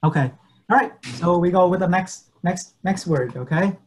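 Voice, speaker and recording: Guy w teaching a class online, patient, says words slow, kinda high voice. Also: slight background noise. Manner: patient, repeats words slowly, code-switches. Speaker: medical English teacher.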